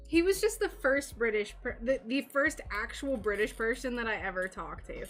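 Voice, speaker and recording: A woman's voice: on the high side, lively intonation, moderate pace, few pauses, music in the background. A young woman from North Carolina, chatting casually and rambling while she works on a livestream, giggly and a little self-conscious. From North Carolina, USA. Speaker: stained glass livestreamer. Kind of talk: casual chat while working.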